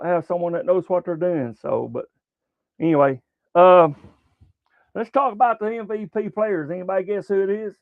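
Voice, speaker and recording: A man's voice: high voice, dry recording. A man with a Southern American accent hosting a casual sports livestream, rambling in a folksy way with many fillers as he talks to his chat. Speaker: sports show host. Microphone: webcam livestream setup. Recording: tinny phone-like sound.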